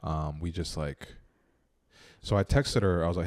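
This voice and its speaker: A man's voice: low-pitched, fairly even intonation, normal speed, a little mellow. A man hosting a comedy podcast, telling a rambling story with many restarts in a casual chat. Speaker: podcast host.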